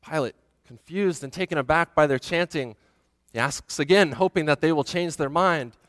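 A man retelling a scripture story dramatically, swinging from hushed passages to loud ones. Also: a little high, moderate pace, no echo, in a large hall.

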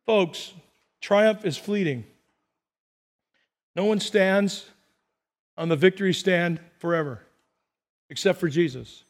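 A man preaching a sermon as pastor, telling stories and acting out voices, swinging between soft and loud. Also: high-pitched, moderate pace, pauses often. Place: church sanctuary. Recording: long reverb of a large hall.

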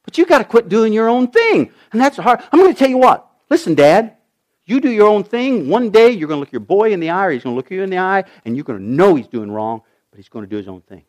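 Male pastor, high voice, very lively delivery, preaches with big swings from shouts to hushed asides. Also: fast talker. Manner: animated preaching, rising to shouts, dropping to near whispers. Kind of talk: sermon.

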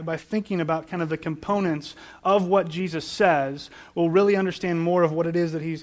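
Earnest man preaching a sermon. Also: on the high side. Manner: earnest, repeats words while building points. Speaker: pastor.

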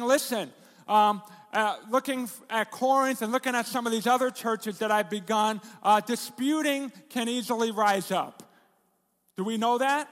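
A middle-aged man preaching a sermon, his voice sitting high for a man. He talks to the congregation in a conversational, joking way, firing rhetorical questions at them. A long reverb trails off his words, the sound of a church hall. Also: a bit bright. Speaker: pastor.

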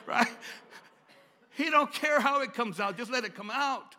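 A middle-aged man pastor preaching a sermon, stuttering and repeating words, swinging from hushed tones to loud, emphatic passages. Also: very high-pitched, measured pace, pauses often, big-room sound.

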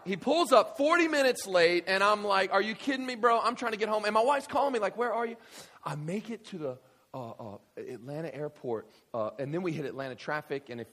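Animated storytelling male preacher. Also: on the high side. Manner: animated, many restarts, builds to shouting. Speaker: guest preacher. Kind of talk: storytelling sermon.

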